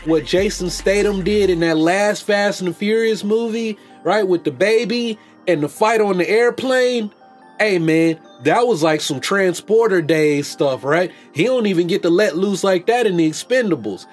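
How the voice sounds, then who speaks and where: Guy with rambling about movies, high voice, laid back and jokey, some music under. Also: lively intonation, moderate pace. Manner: loose, joking, slangy, many restarts. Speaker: podcast host. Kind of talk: casual movie commentary.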